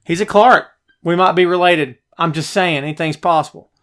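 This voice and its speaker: Pitched fairly high and moving at a moderate pace, this chatty podcast host is live-streaming about wrestling and reading viewer comments out with plenty of energy. He sits in a hot home office on headphones, his phone close at hand.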